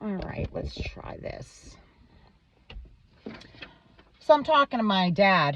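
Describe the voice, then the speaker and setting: A woman's voice: deep voice, dry recording. Heated, foul-mouthed woman ranting. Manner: heated, swears constantly. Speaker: vlogger. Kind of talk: profane ranting monologue. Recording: dull, dry lo-fi recording.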